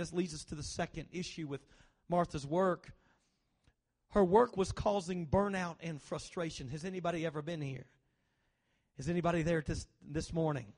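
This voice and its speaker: A male pastor preaching a conversational sermon in a church, often questioning the congregation and restarting his phrases. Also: high-pitched. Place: church sanctuary.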